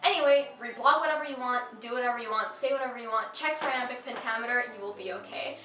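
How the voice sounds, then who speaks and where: A woman's voice: on the high side, fast talker, pushed and bright, roomy sound, distant mic, faint music behind, poor audio. A young woman hosting a casual educational vlog, chatty and reassuring, turning sing-song when she recites verse. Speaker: vlog host.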